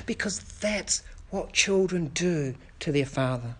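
A man preaching a sermon at a church service, speaking earnestly, often dropping to a soft, quiet delivery and building through repeated rhetorical questions. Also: fairly high pitch, animated, slow pace, hardly any pauses, husky. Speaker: pastor.

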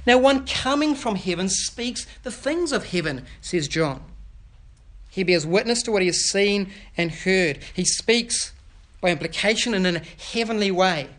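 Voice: medium pitch, expressive, unhurried. A pastor preaching an earnest sermon that explains scripture and puts questions to the children.

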